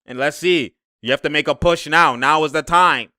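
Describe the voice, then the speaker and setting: Sports commentator, male, bright and clear, excitable and slangy, dry close mic. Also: fairly high pitch, moderate pace, no room sound. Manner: excitable, laughs often, slangy, shouts at players. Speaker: sports commentator breaking down game film. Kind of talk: casual game breakdown commentary.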